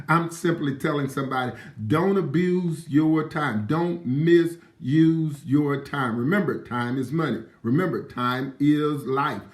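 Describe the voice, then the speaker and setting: A man speaks at a middle pitch with an emphatic, preacher-like cadence, hammering home each point as he talks to his live-stream viewers and greets them by name. His voice carries the ring of an echoey room. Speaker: motivational live-stream host. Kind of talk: live-streamed motivational talk.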